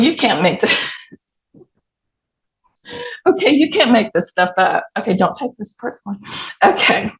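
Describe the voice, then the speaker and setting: A woman pastor with a Southern US accent, preaching through personal stories with animated asides. Her voice has a gravelly edge. The recording sounds dull and lo-fi, as from a church sound system. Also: mid-range voice. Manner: storytelling, animated, laughing asides. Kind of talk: sermon.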